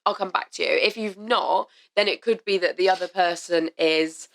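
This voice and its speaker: A woman's voice: on the low side, normal speed, creaky, fairly bright tone. A woman co-hosting a casual chat podcast, talking frankly, swearing freely and laughing easily, a little under the weather. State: slightly ill, blocked ears. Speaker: podcast co-host.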